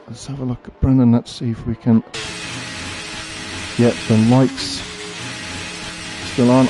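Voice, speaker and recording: A man giving live, chatty commentary on a sim-racing event, thinking aloud as he watches. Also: mid-range voice. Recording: faint background noise.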